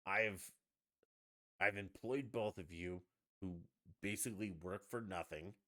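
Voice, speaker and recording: A man hosting a podcast livestream, ranting casually with lots of swearing and sudden loud outbursts. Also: low-pitched, a little slow. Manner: profane, ranting, animated outbursts. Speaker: podcast host.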